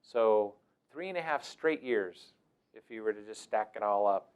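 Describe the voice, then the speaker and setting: A middle-aged man telling stories as a teacher, animated and breaking into loud, shouted impressions. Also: fairly low pitch, measured pace, clear, resonant tone. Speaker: wilderness mentor and teacher. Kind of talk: storytelling talk.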